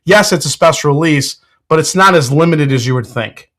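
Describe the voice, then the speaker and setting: Broadcasting casually from the whiskey room in his home, this host talks briskly in a fairly high, somewhat bright voice. He laughs a lot, curses without restraint and responds to viewers in chat.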